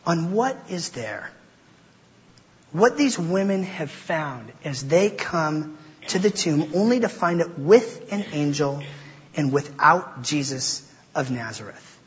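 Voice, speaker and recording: A man gives a sermon in a casual, talky way and often restarts his sentences. His voice sits a bit high for a man. The sound is muffled and rings with a long hall reverb. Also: animated, slow. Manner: conversational, with stammered restarts and informal asides. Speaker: preacher.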